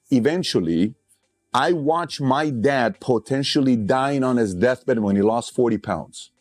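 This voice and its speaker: A man's voice: medium pitch, expressive, normal speed, a little mellow. A man giving a motivational speech, blunt and conversational, telling stories with emphatic, impassioned build-ups. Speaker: motivational speaker.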